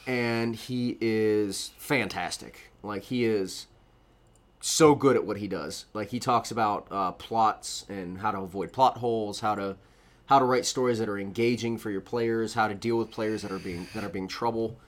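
A man co-hosting a casual podcast, rambling and animated, laughing often. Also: on the low side, normal speed. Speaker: podcast co-host. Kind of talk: casual chat.

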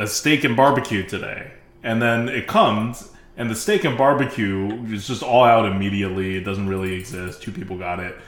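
A man's voice: mid-range voice, echoey room. A man co-hosting a casual game podcast, talking emphatically and acting out mock quotes. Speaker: podcast co-host.

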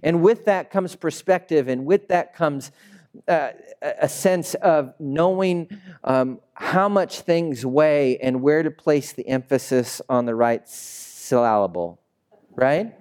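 A man's voice: a little high, slow, darkish tone. A younger man, a pastor, giving a conversational, jokey sermon and drawing the congregation into call-and-response. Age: young adult. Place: church sanctuary with a congregation.

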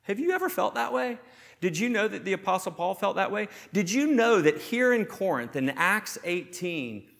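A man preaching a sermon as pastor, earnest and questioning, slowing down for emphasis and speeding up for asides. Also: sits high, sing-song, vocal fry, a bit bright. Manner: earnest, questioning, shifts between slow emphasis and quick asides.

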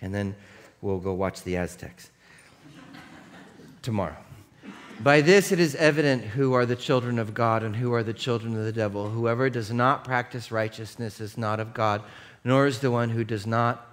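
A man's voice: mid-range voice, normal speed, a little hiss or hum. A man in his thirties, a pastor giving a conversational, storytelling sermon that builds into impassioned preaching.

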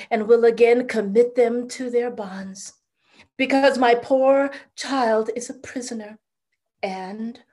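A woman playing a grieving noble mother wild with sorrow in a classical stage drama, swinging from loud cries to hushed whispers. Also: fairly high pitch.

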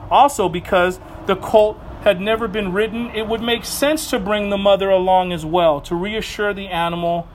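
Guy preaching, pretty high voice, gets all worked up telling stories about his kids. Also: slight background noise. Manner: earnest, animated storytelling with quick asides. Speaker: pastor. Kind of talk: sermon.

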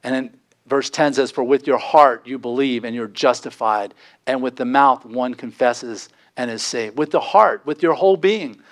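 A man's voice: medium pitch, normal speed. A man preaching a sermon, earnest and pleading, his voice climbing for emphasis. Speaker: pastor.

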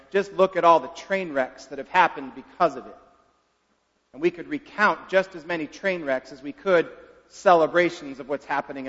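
A man's voice: a little high, fairly bright tone. A middle-aged man preaching a sermon as a pastor, in a conversational, folksy way, often asking the listeners questions. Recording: dull reverberant hall sound.

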